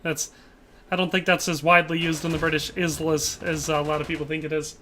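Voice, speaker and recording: A man's voice: on the high side, level tone, fast talker, pushed and bright, a little hiss or hum. A young man streaming a shooter game, chatting casually and joking with chat as he plays. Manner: chatty, jokey, tries mock Irish accents. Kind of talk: casual live-stream commentary.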